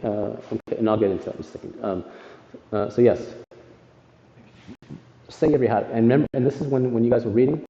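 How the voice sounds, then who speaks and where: Gravelly, dark-voiced male Arabic teacher. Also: medium pitch, fast talker, pauses often. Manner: explains step by step, checks in with "right?" constantly. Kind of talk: classroom lesson. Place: classroom in a mosque. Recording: echoey hall, muffled sound.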